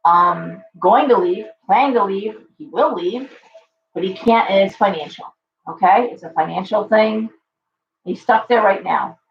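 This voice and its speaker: A woman's voice: mid-range voice, unhurried, gravelly, slight background noise. Woman, tarot reading on a live stream, losing her voice, reassuring, talks to viewers, echoey room, muffled sound. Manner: chatty, reassuring, addresses viewers directly. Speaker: tarot reader hosting a live show. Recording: roomy, slightly dull live-stream audio.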